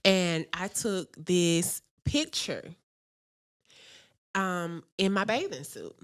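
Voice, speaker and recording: A woman's voice: fairly low pitch, very slow. A middle-aged woman co-hosting a podcast, telling personal stories frankly and with plenty of laughter. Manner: frank, animated storytelling with laughter. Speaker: podcast co-host. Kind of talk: casual chat.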